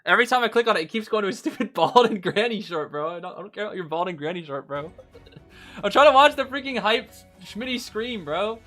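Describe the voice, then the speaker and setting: A man streaming, casually co-commentating esports matches and chatting to viewers in an excitable way, often saying "bro" and laughing. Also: high voice, fairly quick, faint music behind.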